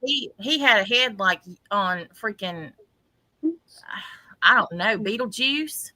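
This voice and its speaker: A woman's voice: mid-range voice, animated, slow, bright, forceful tone, no room sound, low-quality recording. A woman in casual gossip chat, reacting with disbelief and short interjections.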